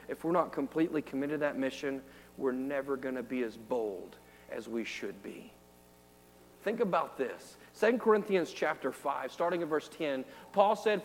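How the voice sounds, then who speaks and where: A man preaching a sermon. He asks the listeners rhetorical questions and moves from hushed storytelling to loud, fervent exhortation. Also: a little high, big-room sound, poor audio.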